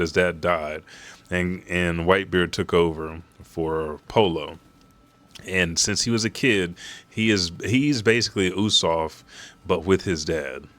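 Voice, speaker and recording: Deep-voiced man reading a comic live. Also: a bit bright. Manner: swears freely, reads lines aloud between asides. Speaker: host reading and reacting to a comic chapter. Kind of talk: casual live reaction reading.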